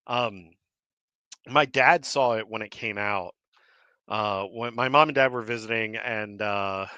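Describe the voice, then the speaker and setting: A man hosting a live show in casual chat, rambling and excitable with many fillers and restarts, a little out of breath. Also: fairly low pitch, smooth, no room sound. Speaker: host. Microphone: desk mic with cord.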